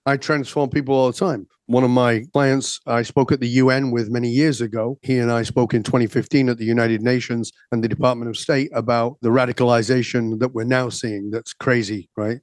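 A man working as a transformation coach, telling stories emphatically and acting out quick back-and-forth dialogue in conversation. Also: medium pitch, flat delivery, dry recording. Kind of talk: animated storytelling in conversation.

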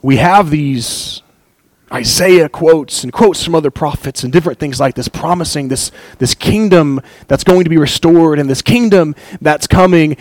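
An earnest, animated man teaches from scripture, reading passages aloud and breaking off to comment with real excitement. His voice sits slightly higher than most men's, and the recording is close and dry, with no room echo. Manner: earnest, animated, chuckles often. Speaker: bible teacher. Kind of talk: bible teaching talk.

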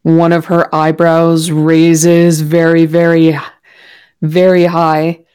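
A woman plays a tabletop role-playing game, describing her character's moves in a loose, casual way. Her voice is very low, and she leans on easy fillers as she narrates. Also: slow, clear, resonant tone. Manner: casual, relaxed, filler-heavy.

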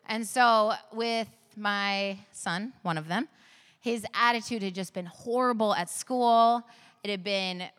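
A woman's voice: medium pitch, takes it slowly, a bit bright, smooth. A woman in her thirties preaching a sermon, telling personal stories in an earnest way with bursts of laughter. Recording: long reverb of a large hall.

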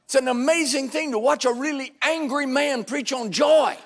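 An older man preaching a storytelling sermon to a congregation, wry and dramatic with sudden loud bursts. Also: extremely high pitch, normal speed. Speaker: pastor. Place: church sanctuary before a congregation.

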